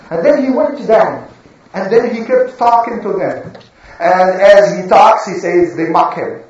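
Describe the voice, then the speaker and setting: A storyteller tells a lesson slowly, with a lively voice that rises and falls, and asks the listeners questions along the way. The voice is far from the mic and rings through a very echoey room, with a dull, muffled tone. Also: mid-range voice. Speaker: religious storyteller.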